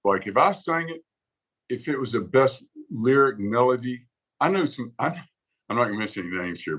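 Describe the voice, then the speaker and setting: A man talks in a relaxed interview, his voice low and husky. He tells his stories with animated quoted reactions. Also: low-quality recording. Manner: animated storyteller who acts out quoted reactions. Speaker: podcast guest, songwriter advocate. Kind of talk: casual interview conversation.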